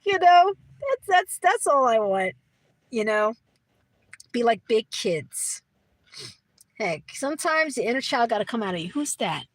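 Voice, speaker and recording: A woman's voice: on the high side, no echo. A middle-aged woman from Brooklyn with a New York accent, chatting casually with viewers, rambling with restarts and laughing often. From Brooklyn, New York City. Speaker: livestream host reading chat. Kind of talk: casual chat.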